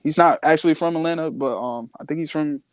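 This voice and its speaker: A young man chats as a podcast guest with boastful, playful swagger. His voice sits a little high and the sound is dry and close. He talks in loose, animated bursts. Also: fast talker, dry recording. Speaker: guest wrestler. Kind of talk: casual live podcast interview.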